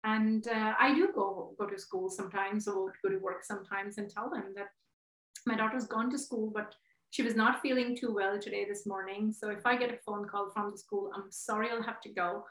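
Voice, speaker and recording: A woman's voice: medium pitch, steady tone, normal speed, a bit bright, echoey room, poor audio. A woman speaking as a webinar guest, frank and emphatic, with vivid examples. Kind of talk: candid webinar talk.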